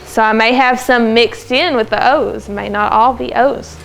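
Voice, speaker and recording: A woman teaching a second grade phonics lesson in a classroom, brisk and encouraging as she calls on pupils by name. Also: on the high side, steady tone, gravelly, fairly bright tone, a little hiss or hum. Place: classroom with children.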